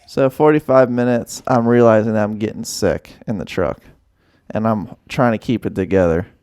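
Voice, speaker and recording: A man's voice: fairly low pitch, moderate pace, darkish tone, no echo. A man in his thirties co-hosting a podcast, telling an embarrassing story sheepishly and swearing now and then. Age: 30s. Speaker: podcast co-host. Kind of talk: casual storytelling chat.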